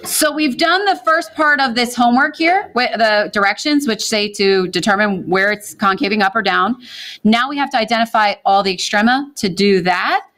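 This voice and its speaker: Woman, math teacher in a classroom, brisk, quizzes the students as she works. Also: on the high side, fairly bright tone. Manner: brisk, asks the class questions and answers them. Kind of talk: classroom lecture with questions to students.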